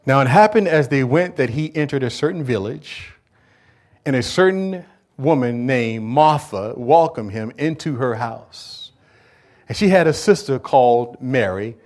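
A man preaching a church sermon, moving from quiet, conversational talk to loud call-and-response questions. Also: a little high. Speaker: pastor. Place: church service.

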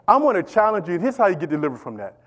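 Middle-aged man, pastor, lively sermon, high voice, repeats himself, calls out to the congregation. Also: rapid-fire. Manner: animated, repetitive, calls out to the congregation. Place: church.

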